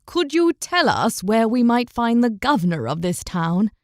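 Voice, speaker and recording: A woman's voice: a little high, big pitch swings, unhurried, darkish tone, no room sound, clean studio sound. A woman voicing a courteous young male knight in an audiobook, speaking politely and with measure.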